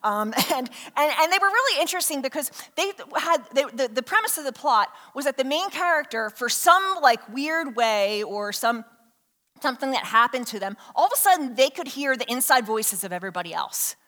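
A woman pastor gives a sermon in a chatty, unpolished way, full of "um"s and restarts. Her voice is bright and slightly high. It echoes with the long reverb of a large church hall. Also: expressive, fairly quick. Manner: conversational, with many fillers and restarts.

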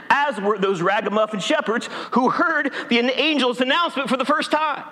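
A man's voice: sits high, pushed and bright. A male pastor from Appalachia preaching a sermon in a church, folksy and humorous. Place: church sanctuary. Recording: long hall reverb.

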